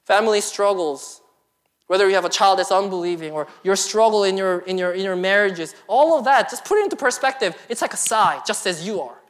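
Young female preacher: earnest sermon voice that moves between quiet reflection and urgent pleading. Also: medium pitch, fairly quick. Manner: earnest, swings between hushed asides and emphatic pleas.

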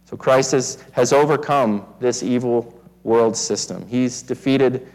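A man's voice: medium pitch, slow pace, darkish tone, rough recording. A man preaching an expository sermon in an earnest way, often repeating words as he restarts phrases. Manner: earnest, frequent word repetitions and restarts. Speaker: pastor.

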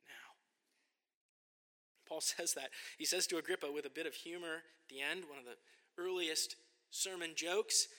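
A man's voice: fairly high pitch, bright, forceful tone. A man preaching a sermon as a pastor, earnest and emphatic, often asking rhetorical questions, in a church sanctuary. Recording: long reverb of a large hall.

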